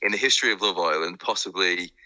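A man with a low voice and a very bright tone chats on a podcast. He talks casually and often ends with tag questions like "didn't he?". The sound is close and dry. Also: quick pace, no room sound. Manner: chatty, asks for agreement with tag questions. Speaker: podcast guest. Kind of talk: casual chat.

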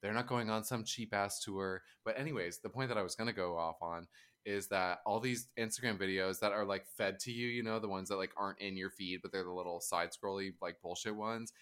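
A man's voice: on the low side, brisk, a bit bright, clear, resonant tone. A man co-hosting a podcast in casual chat, ranting with heavy swearing and sarcasm. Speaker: podcast co-host.

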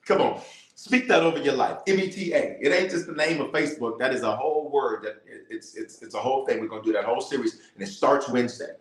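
A middle-aged bishop leading a livestreamed prayer, repeating phrases and calling on viewers to respond. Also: male voice, medium pitch, quick pace. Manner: animated preacher, repeats phrases, calls for responses. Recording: roomy echo.

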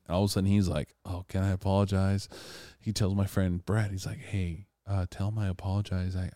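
A man's voice: deep voice, a little mellow, no echo, clean studio sound. A man co-hosting a casual podcast, telling a long rambling story full of swearing. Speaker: podcast co-host.

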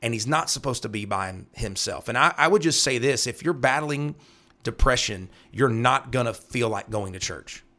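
An earnest man talks through the scripture as a pastor. He repeats key phrases and checks in with a quick "right?" as he works through each verse. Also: medium pitch, lively intonation, pushed and bright. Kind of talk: devotional Bible teaching talk.

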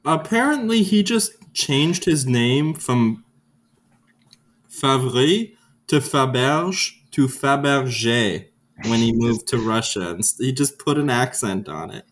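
A man's voice: slow, a little hiss or hum. A man, a podcast co-host, reading a passage aloud theatrically, then chatting casually. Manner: theatrical, animated reading with pitch leaps on quoted lines.

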